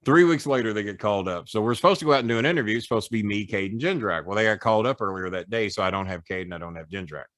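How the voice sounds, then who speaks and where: A man's voice: fairly low pitch, very fast, hardly any pauses, dry recording, studio quality. A middle-aged man, a former wrestling manager, telling boastful, profane stories as a podcast guest. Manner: boastful, profane, animated storytelling. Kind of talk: casual storytelling.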